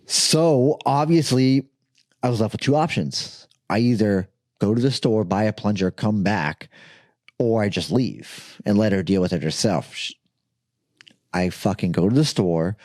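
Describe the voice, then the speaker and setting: A man's voice: fairly low pitch, lively intonation, a little slow, darkish tone, no room sound. A young man co-hosting a podcast, telling a rambling story with lots of swearing and laughter. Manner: profane, rambling, laughs often. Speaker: podcast co-host. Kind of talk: casual chat, storytelling.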